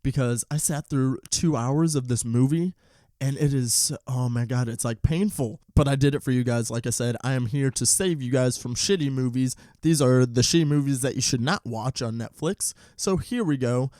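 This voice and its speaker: A man's voice: moderate pace, no echo, clean studio sound. A man hosting a solo movie podcast, talking casually with fillers, sometimes ranting in bursts. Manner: ranting, animated roast with rising pitch. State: out of breath. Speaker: podcast host.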